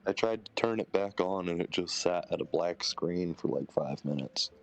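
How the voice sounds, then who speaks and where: Deep voiced guy at a game table, rushing through an apology. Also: lively intonation. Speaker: player. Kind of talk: casual tabletop game chat.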